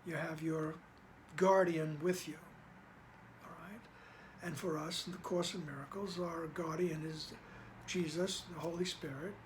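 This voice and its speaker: Soft-spoken guy with a high voice going over a spiritual reading, keeps asking "all right?", light hiss in the background. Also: fairly even intonation, unhurried, low-quality recording. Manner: gentle, reassuring, checks in often with "all right?" and "okay?". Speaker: spiritual study reader and teacher. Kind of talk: casual spoken commentary on a reading.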